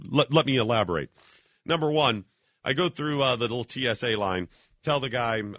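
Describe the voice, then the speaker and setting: A man hosting a talk radio show, telling a story in an animated, indignant way and acting out the people in it. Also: fairly low pitch, no echo, studio quality. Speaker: radio host. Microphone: studio mic.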